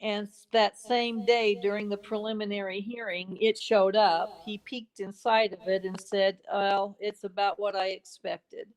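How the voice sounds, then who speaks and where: A woman speaking as a podcast guest, telling a story at a mid-range pitch. She sets out her argument earnestly, one step at a time. Now and then she slips into short quoted exchanges. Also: little pitch movement, measured pace, few pauses. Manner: earnest, builds a case point by point; acts out quoted dialogue in brief snippets. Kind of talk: conversational storytelling.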